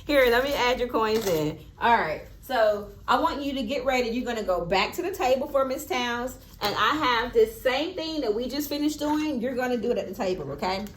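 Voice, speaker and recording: A woman teacher with a fairly high voice leads a one-on-one classroom lesson. She asks patient questions and leans into words with playful emphasis. The sound is echoey, with a faint hum of the room behind her. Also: lively intonation, moderate pace, few pauses.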